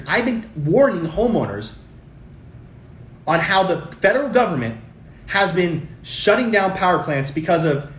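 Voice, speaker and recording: A man's voice: high voice, reverberant, a little hiss or hum. A middle-aged man hosting a tax tips show, talking casually and emphatically to viewers and repeating his points. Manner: emphatic and repetitive, often addresses viewers as guys. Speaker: show host giving tax and investing tips. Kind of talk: casual talk to camera.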